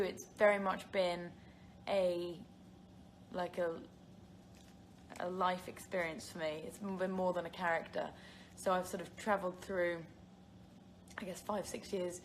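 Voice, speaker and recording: A woman's voice: medium pitch, fairly bright tone, a little hiss or hum. A young English woman reading out fan questions and chatting casually on a phone livestream, often laughing and using filler words. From England. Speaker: actress answering fan questions. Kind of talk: casual live-stream chat.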